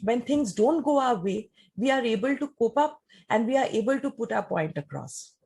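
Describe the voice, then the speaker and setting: A woman gives a talk and answers audience questions in a measured, explanatory way, often using rhetorical questions. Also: a little high, expressive, creaky, a little mellow, breathy edge.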